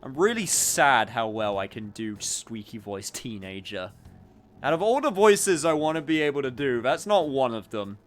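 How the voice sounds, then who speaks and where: A man's voice: medium pitch, sing-song, moderate pace. A man casually commenting on a game stream, joking and self-mocking. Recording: game music playing behind.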